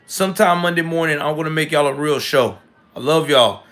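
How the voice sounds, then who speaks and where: A man's voice: a little high, a little fast, a bit bright. A man in his late thirties hosting a live commentary show, ranting in casual, slangy talk that rises to indignant outbursts. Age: late 30s.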